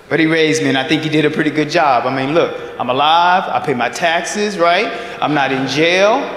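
A male stand-up comedian from Texas, performing an animated routine and laughing at his own jokes on a comedy club stage. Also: on the high side, moderate pace. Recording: echoey club hall with crowd. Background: audience laughter.

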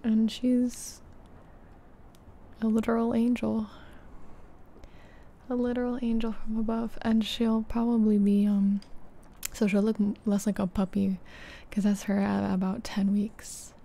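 A young woman hosting an ASMR livestream, chatting in a hushed, half-whispered voice and reading out names from the chat. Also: fairly high pitch, flat delivery, unhurried, pauses often.

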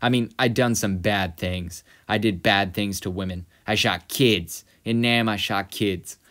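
A man reading aloud the lines of a bitter, drunken aging male vigilante who is breaking down, louder and slower than his own talk, with a lowish voice. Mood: despairing.

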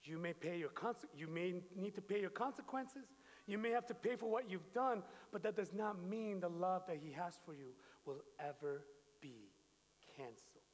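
A man preaching a sermon, animated storytelling and joking with the congregation. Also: high voice, normal speed, long reverb tail. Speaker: pastor. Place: church.

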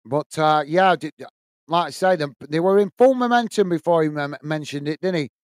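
A man's voice: on the high side, a little fast, dry recording. A man hosting a football watch-along, giving live commentary and chatting with viewers, full of fillers and restarts.

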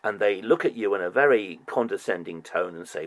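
Insistent man in a lively debate. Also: lowish voice, brisk, few pauses, no room sound. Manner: insistent, animated, repeatedly demanding scripture proof; mocking repetition. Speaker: show host debating a Jehovah's Witness by phone. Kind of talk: heated religious debate.

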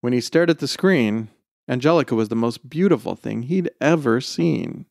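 A man narrating a short story in a measured, expressive storytelling delivery. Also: mid-range voice, creaky, dry recording, clean studio sound. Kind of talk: scripted narration.

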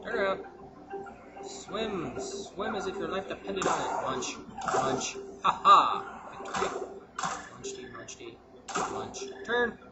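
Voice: medium pitch, expressive, slow, loud music behind the voice. A gamer giving casual let's-play commentary, muttering to themself with sudden yelps and cheers. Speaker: gameplay commentator. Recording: loud background noise.

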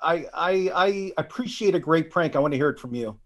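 A man's voice: on the high side, lively intonation, fairly quick, fairly bright tone. A man co-hosting an interview show, joking and bantering playfully. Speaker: co-host. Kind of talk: casual interview chat.

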